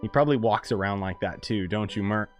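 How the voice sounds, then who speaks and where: A man live-streaming a game, chatting casually and excitedly with viewers as he plays and rambling between topics. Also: on the low side, a little fast, soft background music. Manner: excitable, rambling, chats with viewers while playing.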